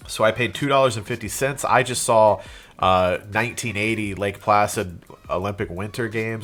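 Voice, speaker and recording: This reseller vlogger, a young man congested from a cold, walks loosely through his recent sales in a casual show-and-tell vlog. His fairly low, slightly bright voice hops from item to item, padded with fillers and restarts.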